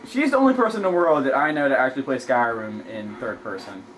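Goofy joking guy, lively pitch, noisy mic. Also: fast. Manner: goofy, jokey, bursts into loud exclamations. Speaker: gameplay commentator. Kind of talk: playful gameplay banter.

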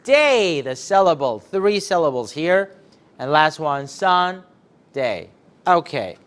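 Slow, lively male teacher drilling children. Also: fairly high pitch. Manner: slow, drawn-out call-and-response drilling; cheerful praise, sometimes sings prompts. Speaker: English teacher. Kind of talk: online class for young children.

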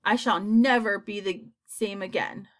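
A woman's voice: mid-range voice, steady tone, a little slow, a bit bright, close to an everyday voice. A woman reading aloud and voicing a gloomy, complaining male earthworm.

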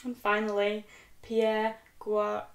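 A woman's voice: medium pitch, completely flat delivery, slow pace. Chatty young British woman in an echoey room. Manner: chatty, self-mocking, reading a list aloud. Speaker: book vlogger. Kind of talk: casual chat.

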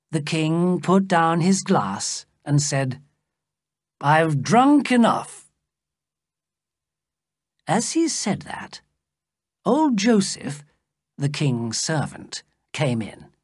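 A woman reading a classic adventure story aloud in a slow, careful, expressive way, as scripted narration for English learners. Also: low-pitched, breathy edge, no room sound, clean studio sound.

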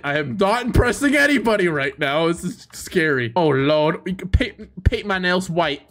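A young man giving casual, profane gaming commentary in an excitable way, breaking into loud laughter. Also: fairly high pitch, moderate pace, faint music behind. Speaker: streamer.

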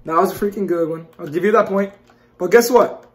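A man recording let's-play commentary on a horror game, jumpy and excitable, yelping at scares and then muttering and trash-talking the game with constant mild cursing. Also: high voice, a little fast. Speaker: gaming YouTuber.

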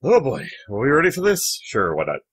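A man's voice: medium pitch, wildly swooping pitch, fairly quick, breathy edge. A young man narrating a visual novel let's-play, reading the story aloud in a joking way and swearing casually.

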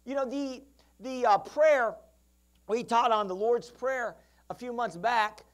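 A preacher delivering a sermon in a lively storytelling manner, acting out characters as the story unfolds. The voice sits at a middle pitch and keeps calling out to the congregation for answers, often restarting phrases and adding asides along the way. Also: slow pace. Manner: calls out to the congregation for responses. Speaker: pastor.

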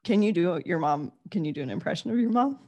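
A woman's voice: lowish voice, expressive, fast, a little mellow. A woman who does improv comedy, guesting on a podcast and chatting in a giggly, rambling, self-deprecating way. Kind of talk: casual comedy podcast chat.

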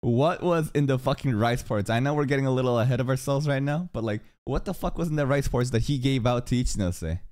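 Excitable swearing man in casual chat. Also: mid-range voice, quick pace, hardly any pauses.

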